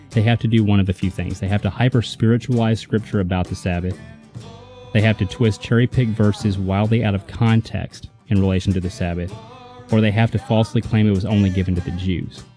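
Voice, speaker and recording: A man's voice: lowish voice, dark tone. A man teaching a Bible lesson in a casual, emphatic way, often checking in with his listener. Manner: conversational, emphatic, checks in with "right?".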